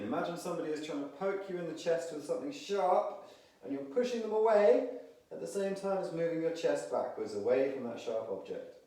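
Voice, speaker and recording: A man guiding a morning movement and breathing session, calmly cueing each stretch and breath, a little out of breath as he moves along. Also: fairly high pitch. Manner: calm, instructive, counting and cueing each movement. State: slightly out of breath. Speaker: movement instructor. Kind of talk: guided movement and breathing class. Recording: very echoey room, from a distance.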